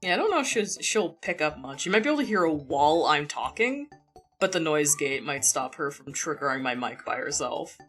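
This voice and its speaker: A woman's voice: sits low, sing-song, brisk, fairly bright tone. A young woman streamer chatting casually into a borrowed mic at home, rambling and laughing often. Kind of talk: casual live-stream chat. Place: home room. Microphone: borrowed desk mic. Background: faint background music.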